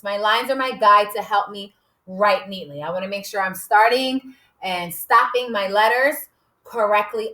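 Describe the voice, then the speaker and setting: A woman teacher slowly modeling a writing lesson for young children, sounding out letters with cheerful emphasis. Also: mid-range voice, a bit bright. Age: adult. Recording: echoey room.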